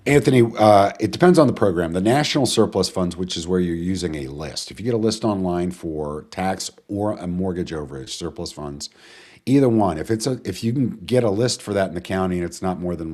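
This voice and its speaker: Deep-voiced man hosting a webinar. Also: darkish tone. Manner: chatty, rambling, greets viewers and answers chat questions. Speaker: webinar host. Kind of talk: casual live webinar talk.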